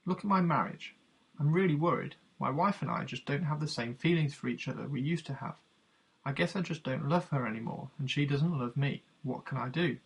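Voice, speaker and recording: Anxious married man seeking advice, read by a man narrator. Raspy, husky. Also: mid-range voice, brisk. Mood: worried. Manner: worried, pleading. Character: worried married man at a seminar.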